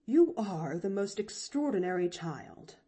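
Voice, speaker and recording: A woman's voice: medium pitch, sing-song, measured pace, warm tone, husky. A woman reading an audiobook, voicing a stern, impatient older aunt who speaks in a cold, clipped way.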